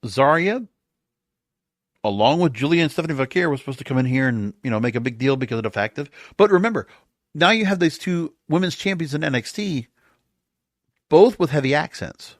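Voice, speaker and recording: Podcast host, male, fairly high voice, sarcastic and exasperated, dry close-miked sound. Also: animated, fairly quick, no room sound. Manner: sarcastic, exasperated, rhetorical questions. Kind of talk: opinionated solo podcast rant.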